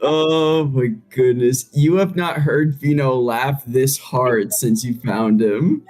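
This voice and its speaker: A woman's voice: a bass voice, takes it slowly, a little mellow, faint music behind. A woman playing a tabletop game, playful and teasing, narrating her character's actions.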